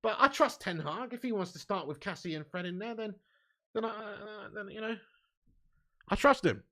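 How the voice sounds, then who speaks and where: A man's voice: high-pitched, moderate pace, pushed and bright. A man hosting a live match watch-along, reading out viewer chat with blunt, sweary football banter and lots of "mate" and "bud". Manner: chatty, often adds "mate" and "bud". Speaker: fan channel host reading live chat.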